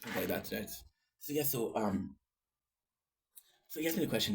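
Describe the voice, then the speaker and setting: Over a noisy background, a tired Canadian vlogger clowns around in his daily diary video at normal speed. His lowish, creaky voice is expressive as he rambles, jokes, and breaks into sung bits and comic voices.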